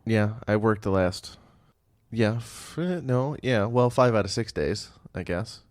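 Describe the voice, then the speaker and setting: Tired podcast co-host, lively storyteller with a low voice, dry close mic, laughs a lot. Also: male voice, slow, no echo. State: tired after a night shift. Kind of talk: casual chat.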